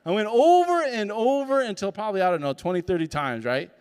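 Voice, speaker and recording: A man's voice: high-pitched, expressive, fairly quick, darkish tone, clean tone. A man, a speaker and comedian, telling a personal story at a summit and acting out the dialogue with animation. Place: large conference hall. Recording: long hall reverb.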